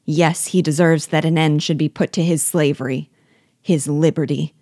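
A woman's voice: deep voice, steady tone, moderate pace, warm tone, no room sound, studio quality. A woman voicing an enraged old male planter who makes threats, reading from a classic novel. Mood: savage.

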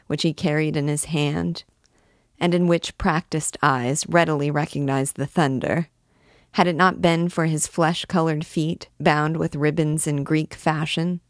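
A woman reading a classic novel aloud, measured and expressive, lifting her voice for quoted shouts. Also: sits low, no room sound, clean studio sound. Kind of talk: read-aloud narration.

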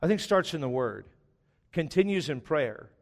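A man's voice: on the high side, big pitch swings, normal speed. A man in his forties preaching a sermon as pastor, telling stories with joking asides. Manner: conversational storytelling with joking asides. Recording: long reverb of a large hall.

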